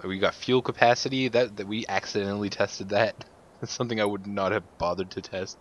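Giggly man playing a farm game. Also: fairly quick. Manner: laughs often, excitable. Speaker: co-host playing a farming game. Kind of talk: casual gameplay chat. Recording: muffled low-fi mic with faint hiss.

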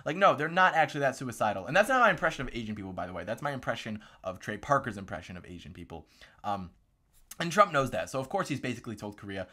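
Fast, sarcastic male commentator. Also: medium pitch, big pitch swings, bright, forceful tone. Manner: sarcastic, mocking. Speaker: political commentary host. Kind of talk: scripted commentary vlog.

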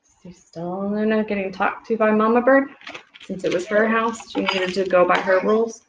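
A woman reading picture books aloud to young children at home, pausing gently to ask them questions. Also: mid-range voice, fairly even intonation, background noise. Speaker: storytime reader. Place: home room with children nearby. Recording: echoey room, dull lo-fi audio.

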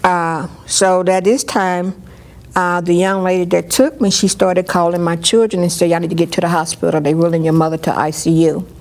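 Low-voiced woman telling her story. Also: normal speed. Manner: lively storytelling, acting out others' words. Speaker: storyteller sharing her life. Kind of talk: personal story told in an interview.

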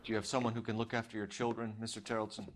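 An actor playing a polite, measured male police detective in a crime game. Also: lowish voice, little pitch movement, background noise, close to an everyday voice. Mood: formal. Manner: polite, formal.

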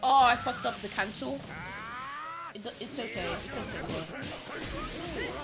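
A young man giving profane, excitable trash-talk commentary over his gameplay, breaking into sudden shouts. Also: very high voice, normal speed, creaky. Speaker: gaming channel host. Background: game music.

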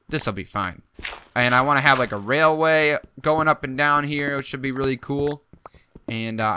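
A young man giving casual gameplay commentary, excitable and jumpy, talking to himself as he plays. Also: medium pitch, a little hiss or hum. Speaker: gaming YouTuber.

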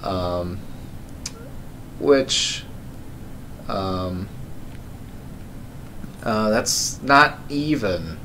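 Man, unhurried, mid-pitched voice, casual live coding stream, wry, thinking aloud, faint background hiss. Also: animated, bright, forceful tone. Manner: thinking aloud, wry, many ums and uhs.

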